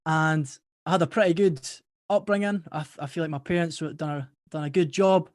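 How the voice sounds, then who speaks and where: A young Scottish man, a podcast host guest, chats casually in a friendly, informal way as an interview guest, calling people "brother" and "mate." His voice is fairly high, a little fast, with hardly any pauses, in a dry, studio-quality recording.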